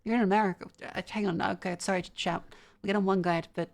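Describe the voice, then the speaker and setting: A woman's voice: medium pitch, fairly even intonation, quick pace, vocal fry. Chatty Australian woman streamer. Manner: chatty, reads chat aloud, stumbles and restarts. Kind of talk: casual live-stream chat.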